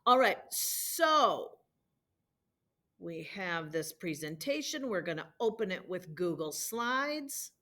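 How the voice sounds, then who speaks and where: A woman's voice: on the low side, sing-song, takes it slowly, bright, forceful tone. Female teacher recording a screen-share lesson, patient drilling tone. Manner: patient, drilling conjugations aloud. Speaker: Spanish teacher. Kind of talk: recorded homework walkthrough.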